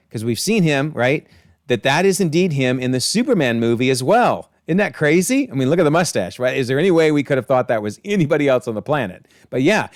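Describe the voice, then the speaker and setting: A man talks through a show episode in a chatty, excited way, retelling scenes and quoting characters. His voice sits at a middle pitch. The recording is dry and close, with no room echo. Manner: enthusiastic, chatty, retells scenes with quoted lines. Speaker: video essay host. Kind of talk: casual episode breakdown commentary.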